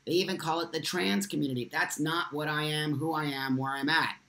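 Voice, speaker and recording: A man's voice: a little high, fairly even intonation, brisk, creaky, sharp tone. Impassioned man on a live stream. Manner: impassioned, emphatic, repeats phrases for force. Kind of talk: live-stream chat, answering viewer comments. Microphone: phone.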